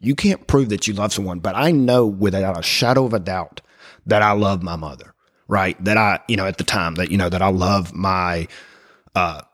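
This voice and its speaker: A middle-aged man sharing his personal faith story in conversation, speaking haltingly with many fillers and restarts. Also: sits low, a bit bright. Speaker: guest.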